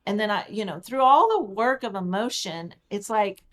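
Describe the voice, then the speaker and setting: A middle-aged woman speaks as a podcast guest, recounting her own experience in a lively, emphatic way. Her voice sits in a middle register, and she repeats key words to drive them home. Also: medium pitch, normal speed. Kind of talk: personal storytelling in conversation.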